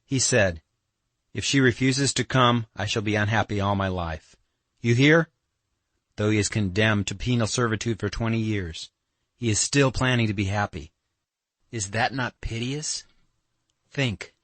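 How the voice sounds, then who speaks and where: An earnest young man, played by a male reader in a classic audiobook, pressing his plea with merciless emphasis. The voice sits on the low side. It is recorded close and dry, with no room sound. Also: a little slow, long pauses, a bit bright, dry recording. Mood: insistent. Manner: emphatic, pleading.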